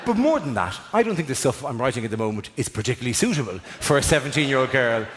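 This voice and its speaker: A middle-aged Irish man doing a stand-up comedy routine in a large theatre, with rapid, animated rants. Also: medium pitch, background noise. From Ireland. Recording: live theatre with audience laughter.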